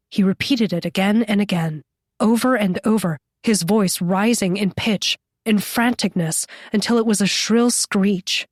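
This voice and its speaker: A woman reading a horror novel aloud as an audiobook narrator, in a steady, measured style. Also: medium pitch, no room sound, clean studio sound. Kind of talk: scripted narration.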